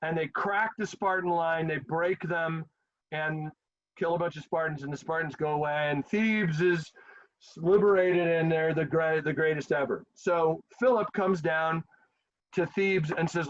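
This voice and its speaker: Male history teacher, storytelling lecture, slightly high voice, muffled lo-fi audio. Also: a little slow. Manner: animated, acts out quotes in a casual voice. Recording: dull lo-fi sound.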